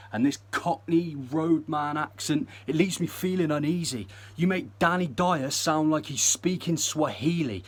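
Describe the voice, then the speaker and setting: A man rapping a cappella battle verses in a sneering, insult-heavy delivery. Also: mid-range voice. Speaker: battle rapper.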